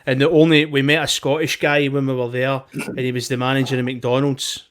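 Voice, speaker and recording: A man's voice: medium pitch, little pitch movement, brisk, clear, resonant tone. A man with a Glaswegian accent, co-hosting a web show in casual banter and telling anecdotes with plenty of swearing. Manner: swearing, chatty storyteller.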